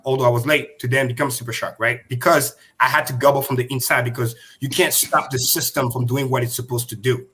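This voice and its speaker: Emphatic bright-voiced male stream host. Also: mid-range voice. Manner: emphatic, repeats points slowly. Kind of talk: livestream crypto talk.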